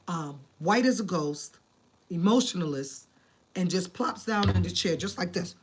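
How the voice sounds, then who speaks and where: Woman vlogger telling her story, lively and dramatic, talks to viewers like family. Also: fairly low pitch, a little slow, a little hiss or hum. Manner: animated, dramatic retelling with acted quotes and asides to viewers; addresses viewers as family, casual slang. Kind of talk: emotional storytelling to camera.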